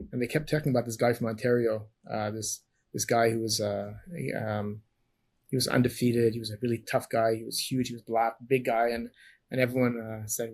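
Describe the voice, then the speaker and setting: Middle-aged guy talking quick, husky rough voice, keeps restarting sentences. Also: mid-range voice, a little mellow. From Canada. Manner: rambling, self-interrupting, many restarts. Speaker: guest, former champion wrestler. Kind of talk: storytelling interview answers.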